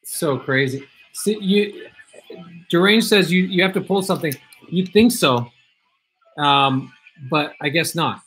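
Casual male streamer, slightly high voice, loose and repetitive, reads chat aloud. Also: unhurried, long pauses, a bit bright, soft background music. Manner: chatty, reads viewer comments aloud, repeats himself. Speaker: livestream host opening card packs.

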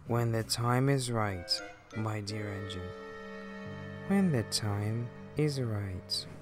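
A smug, scheming villain diesel engine, as a man puts him on in a fan-made train story. He drawls his words slowly, sometimes dropping quiet and low. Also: music in the background.

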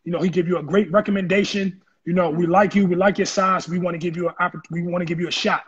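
A man telling his story in an interview, animated and acting out the voices of people he quotes. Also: high voice, quick pace, breathy edge, dull audio. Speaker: interview guest, former football player. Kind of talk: casual storytelling.

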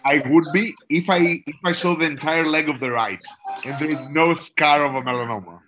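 A man on a panel chatting and joking over a video call, quick to laugh. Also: fairly high pitch. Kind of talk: casual chat.

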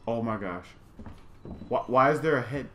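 A man's voice: mid-range voice, lively intonation, normal speed, pushed and bright, reverberant, slight background noise. A man hosting a let's play, jumpy and easily startled, repeating himself and bantering with viewers. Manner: chatty with an exclamatory, self-deprecating banter. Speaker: gaming channel host.

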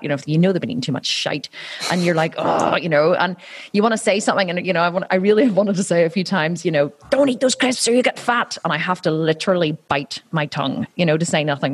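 A woman in her forties who competes as a professional athlete gives a relaxed interview, full of laughter, restarts, and fillers such as "you know." Her voice is lowish and slightly rough.

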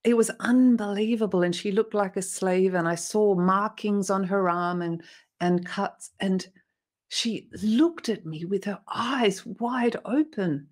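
A woman's voice: mid-range voice, measured pace, darkish tone. Woman telling a moving personal story. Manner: earnest, emotional retelling with restarts. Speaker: interview guest, motivational speaker.

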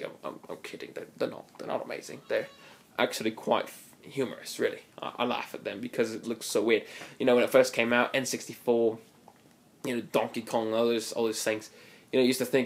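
A man talks his way through a game session in a loose, rambling way, stopping and restarting mid-sentence and drifting from one tangent to the next. His voice sits at an ordinary middle pitch for a man. He is playful and likes to exaggerate for fun. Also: flat delivery, brisk, vocal fry. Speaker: gaming video host. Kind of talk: casual gameplay commentary.

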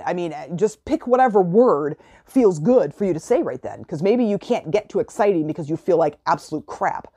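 A woman's voice: on the low side, lively intonation, normal speed, hardly any pauses, dark tone, husky. A middle-aged woman hosting a motivational podcast, talking in a chatty, rambling way with lots of fillers. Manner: chatty, rambling, many "like" and "you know" fillers. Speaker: podcast host. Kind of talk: casual motivational monologue.

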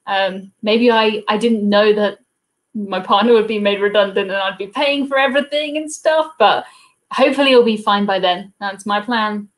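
A woman's voice: medium pitch, normal speed. A young woman with a Southern English accent hosting a casual live cruise Q&A stream from her home desk, chatting and answering viewers. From south coast of England. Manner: chatty, reads viewer comments aloud, coos at her dog.

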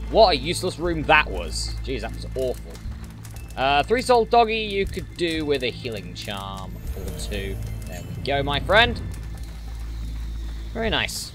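Lively, bright-voiced gamer man. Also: medium pitch, a little slow, soft background music. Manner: chatty, playful, mutters asides to enemies. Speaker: gaming channel host. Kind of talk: let's play commentary. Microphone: desktop mic with noise suppression.

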